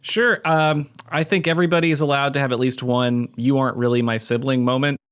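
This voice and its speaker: A man's voice: medium pitch, steady tone, fairly quick, a bit bright, clear, resonant tone. A man co-hosting a fan podcast, talking in a rambling, easygoing way. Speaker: podcast co-host. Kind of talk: casual chat.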